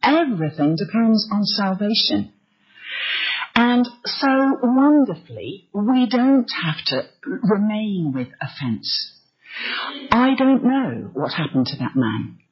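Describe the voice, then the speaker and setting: A woman's voice: medium pitch, very animated, takes it slowly, breathy edge. A woman preacher telling a personal story in an earnest sermon style. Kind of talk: sermon testimony. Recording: slightly muffled recording.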